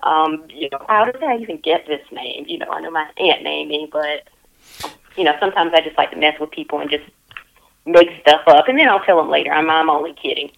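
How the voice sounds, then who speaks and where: A woman's voice: low-pitched, steady tone, brisk, gravelly, dull audio, a little hiss or hum. A woman interviewing someone over the phone, playful and teasing, laughing often.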